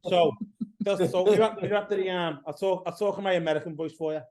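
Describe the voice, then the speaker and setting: A man's voice: high-pitched, steady tone, fast, dark tone. A man from England with an English accent, telling a rambling story as a podcast guest, swearing freely and getting heated. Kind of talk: casual chat, storytelling.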